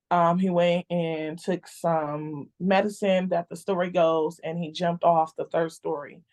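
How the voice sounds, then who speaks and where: A woman guest on a podcast, telling a personal story in a candid, expressive, casual way. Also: lowish voice.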